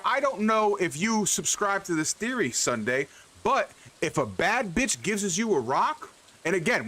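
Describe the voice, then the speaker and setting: Animated, bright-voiced streamer man from New York. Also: a little high. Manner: profane, playful, hype banter with chat. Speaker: livestreamer. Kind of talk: casual live-stream chat while gaming.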